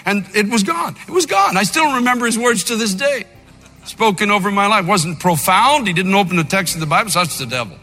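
A man's voice: lively intonation, fairly quick. Fervent older male preacher in a reverberant hall. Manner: fervent preaching, by turns shouting and dropping low, with storytelling asides. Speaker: pastor. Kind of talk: impassioned sermon. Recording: long reverb of a big hall, faint music.

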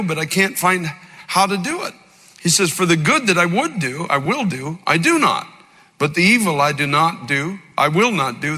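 A man preaching a sermon, impassioned, slowing and rising as he quotes scripture. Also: high voice, pushed and bright. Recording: long hall reverb.

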